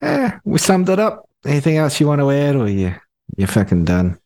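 A man's voice: fairly high pitch, wildly swooping pitch, normal speed, darkish tone, no echo. A man co-hosting a casual film review chat, blunt and sweary. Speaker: podcast co-host.

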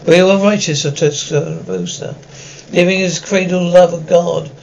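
A man's voice: high voice, measured pace, vocal fry, lo-fi sound, a little hiss or hum. A man voicing a self-righteous archbishop delivering a pompous sermon. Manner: preaching, pompous.

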